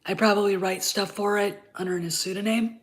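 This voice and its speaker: Her medium-pitched voice is steady and a little fast, though stuffy from the tail end of covid. This channel host offers blunt, swear-filled commentary with heated opinions.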